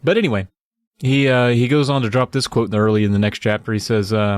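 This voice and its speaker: Podcast co-host, male, relaxed recap style, dry close-miked voice. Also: mid-range voice, quick pace, clear, resonant tone, no room sound. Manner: relaxed, reads quotes aloud, swears casually. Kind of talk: casual book recap chat.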